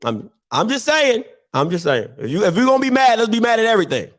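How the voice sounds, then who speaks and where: Man host, very high voice, loose rhetorical riffing, computer mic. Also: very animated, fairly bright tone. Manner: repeats himself, drawn-out rhetorical questions. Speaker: show host. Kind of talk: casual live-stream commentary.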